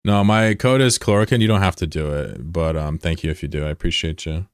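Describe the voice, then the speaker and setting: A man with a low, clear, resonant voice talks fairly quickly on a livestream, chatting casually with his viewers before bluntly and heatedly scolding one of them. The audio is studio quality with no room sound.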